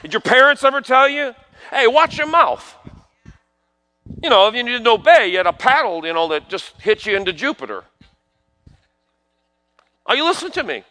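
A middle-aged man preaching a sermon, swinging from hushed asides to loud proclamations and asking the congregation questions. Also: high-pitched, very animated, brisk, long pauses. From New York. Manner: peppers talk with rhetorical questions to the congregation.

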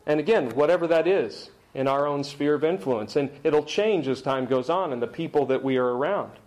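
A middle-aged man preaching a sermon, emphatic in delivery, slowing down to read scripture aloud. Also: a little high, a little mellow, rough recording. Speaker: pastor.

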